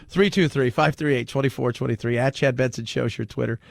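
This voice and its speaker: A man hosting a talk radio show, chatting in a joking, animated way and laughing often. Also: medium pitch, normal speed, creaky, long pauses, dry recording. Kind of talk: casual talk radio monologue.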